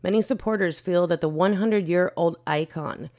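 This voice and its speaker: Podcast host, female, a bit low-pitched; foul-mouthed, indignant ranter. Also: normal speed, darkish tone. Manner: profane, indignant, blunt. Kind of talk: ranting podcast commentary.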